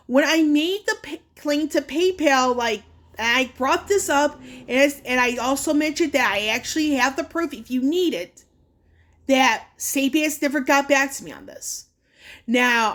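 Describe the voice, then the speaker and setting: A woman vlogger talking casually through a screen recording, earnest and warning, with fillers and restarts. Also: high-pitched. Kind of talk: casual screen-share walkthrough.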